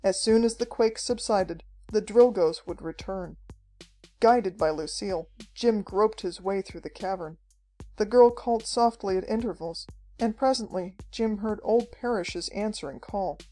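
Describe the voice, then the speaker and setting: Mellow-voiced woman reading an adventure story. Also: medium pitch, a little slow. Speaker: audiobook narrator. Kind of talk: scripted narration. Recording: faint background music.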